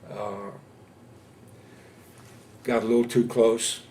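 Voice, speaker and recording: A man in his seventies from Louisiana, recounting his war experiences in an oral history interview, speaking haltingly with many pauses and fillers. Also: on the low side, level tone, a little mellow, a little hiss or hum. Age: 70s. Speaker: veteran interviewee. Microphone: interview camera setup.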